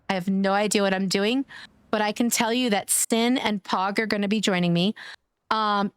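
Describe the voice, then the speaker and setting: A woman streamer chatting casually with her viewers, gushing and affectionate as she thanks them by name, playful and quick to giggle. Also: mid-range voice, dry recording, clean studio sound. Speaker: live streamer. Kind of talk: casual live-stream chat.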